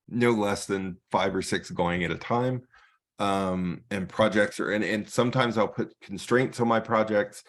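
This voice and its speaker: Low-voiced man telling photography stories. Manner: storytelling with acted-out dialogue. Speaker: guest speaker, photographer. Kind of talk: casual presentation.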